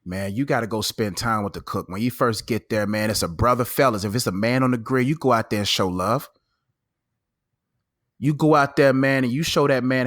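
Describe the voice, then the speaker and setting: A man co-hosting a podcast, telling animated stories in a preachy way. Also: medium pitch, brisk, no echo, clean studio sound. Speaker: podcast co-host. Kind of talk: casual chat.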